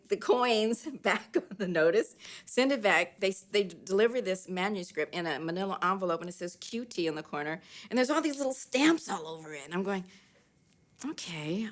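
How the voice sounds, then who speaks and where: Older woman, interview, animated storyteller, acts out quotes, swooping pitch. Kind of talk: animated anecdote telling.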